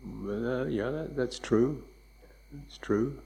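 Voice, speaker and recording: A man teaching meditation in a loose, conversational dharma talk, wry and quick to laugh, checking in with "yeah?". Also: mid-range voice, vocal fry, warm tone, rough recording. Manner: wry, laughs often, mimics hurried speech and beeps.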